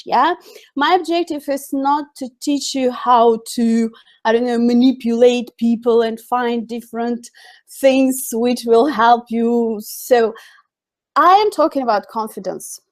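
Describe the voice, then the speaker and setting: A woman with a Russian accent teaching English communication in a webinar, chatty with frequent fillers. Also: a little high. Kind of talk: webinar lesson.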